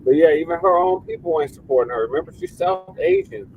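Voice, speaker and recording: A man's voice: on the high side, wildly swooping pitch, quick pace, gravelly, narrow, tinny audio, slight background noise. A man co-hosting a commentary show, talking in a blunt, profane, offhand way. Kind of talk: casual commentary.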